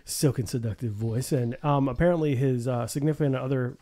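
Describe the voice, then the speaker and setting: A man's voice: medium pitch, a little fast, dark tone. A man hosting a podcast in casual chat, boisterous and laughing often as he swears freely. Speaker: podcast host.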